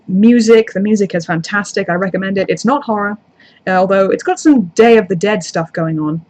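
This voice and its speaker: A woman YouTuber in a casual live chat answers viewer comments in a rambling, chatty way, dropping self-deprecating asides. Her voice is mid-range.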